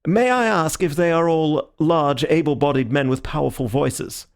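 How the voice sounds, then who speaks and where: A man voicing a calm, theatrical gentleman detective with a measured, courteous manner, in an audiobook reading. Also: on the high side, creaky, voice pushed up.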